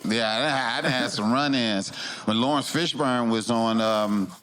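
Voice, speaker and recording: A man's voice: mid-range voice, moderate pace, fairly bright tone. A middle-aged comedian telling a loose, slangy story in casual chat, often laughing as he talks. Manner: loose, slangy, laughs through his lines.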